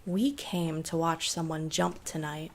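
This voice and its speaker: A woman voicing a cold, threatening middle-aged male gambler who speaks slow, broken English with a heavy Eastern European accent. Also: a little high, steady tone.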